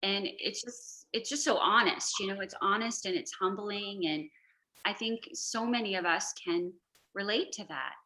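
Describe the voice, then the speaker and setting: A woman hosting a casual chat, effusive and emotional, chatty and quick to laugh. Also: medium pitch, pushed and bright, low-quality recording. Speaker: host, interviewer.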